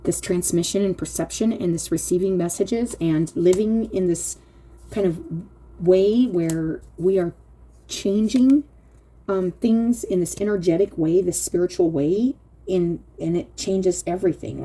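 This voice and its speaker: A woman giving a casual spiritual card reading, earnest and heartfelt, reading card texts aloud slowly and often speaking straight to her viewers. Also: lowish voice, mellow, slight background noise. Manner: earnest, slow reading aloud, often addressing "you guys". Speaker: oracle card reader.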